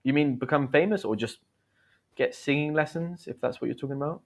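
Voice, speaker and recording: A man's voice: fairly high pitch, brisk, vocal fry. A man, teaching and chatting on a livestream in a chatty, encouraging way. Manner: chatty, encouraging, reads out comments. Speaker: English teacher hosting a livestream. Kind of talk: live-stream chat and teaching.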